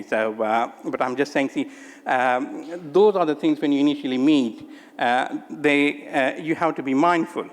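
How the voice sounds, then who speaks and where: A middle-aged man from India, giving a conference talk of advice, hesitant with many ums and uhs. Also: a little high. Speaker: conference speaker, psychiatrist working in the UK. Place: conference hall. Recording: echoey conference hall with long reverb.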